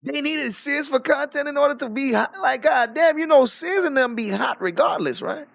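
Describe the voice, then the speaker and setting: A man's voice: very high voice, expressive, moderate pace, gravelly, a bit bright, no room sound. A man ranting boastfully on a live stream, swearing freely and laughing often. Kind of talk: casual livestream rant.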